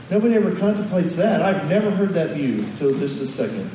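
A man preaches a sermon, asking the congregation questions in a conversational, pastoral way. His voice is fairly high and mellow. It comes from well back from the mic in a roomy, echoing hall. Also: a little hiss or hum. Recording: echoey hall from far off.

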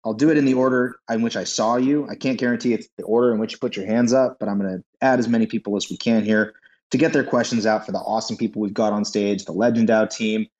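A man's voice: lowish voice, darkish tone, muffled recording. A man hosting an online audio room, upbeat and organized as he calls up speakers to ask questions. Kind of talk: moderating.

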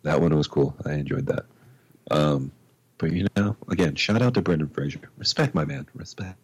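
A man's voice: very deep voice, moderate pace, breathy edge, low-quality recording. A man co-hosting a casual podcast over a remote call, laid-back and swearing freely. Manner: laid-back, swears and says bro a lot. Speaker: podcast co-host. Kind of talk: casual chat. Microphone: headphones on a remote call.

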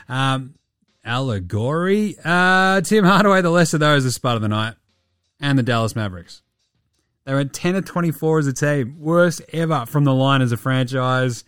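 A man with an Australian accent hosting a sports podcast, talking casually, profane and animated, often laughing. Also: mid-range voice, no room sound, studio quality. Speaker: podcast host. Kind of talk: sweary casual sports talk.

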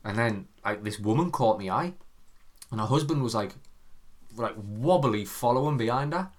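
A man's voice: medium pitch, animated, moderate pace. A young man, co-hosting a casual podcast chat, telling a story animatedly, doing voices, swearing and laughing often. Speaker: podcast co-host.

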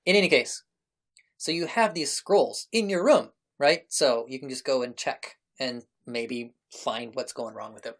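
A woman's voice: extremely low pitch, measured pace. A woman running a tabletop role-playing game, describing scenes and explaining details at a leisurely pace. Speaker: game master.

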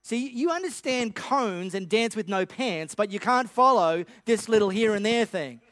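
A high-voiced man preaches with playful humor. His voice sounds close and dry, with no room around it. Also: expressive, moderate pace, a bit bright, no room sound. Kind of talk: sermon.

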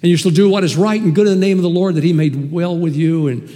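A man preaching a sermon as pastor, animated and emphatic, with sudden swings in loudness. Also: sits high, fast talker, in a large hall. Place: church hall.

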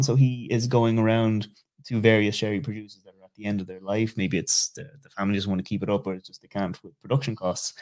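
Male podcast co-host, quick chatty delivery, somewhat low voice. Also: flat delivery, a little mellow. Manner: quick, chatty, full of asides. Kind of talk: casual conversational chat.

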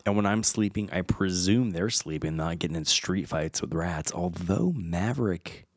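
A man in his thirties with a low voice hosts a podcast, reading film trivia aloud at a moderate pace in a wry, chatty manner and tripping over names. There is no echo.

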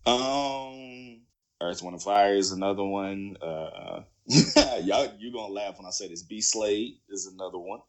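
A man in casual conversation, talking in an animated way, laughing often and repeating his phrases. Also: low voice, moderate pace. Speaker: musician guest. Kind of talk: casual chat.

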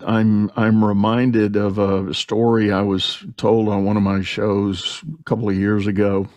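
A male podcast host telling a story in an animated, conversational way, often repeating words as he starts a sentence. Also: lowish voice, no echo.

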